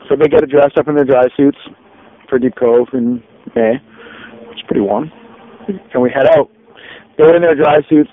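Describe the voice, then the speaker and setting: Man rambling anecdotes over a tinny line. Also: medium pitch. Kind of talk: casual storytelling on a podcast. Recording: tinny lo-fi phone-like sound.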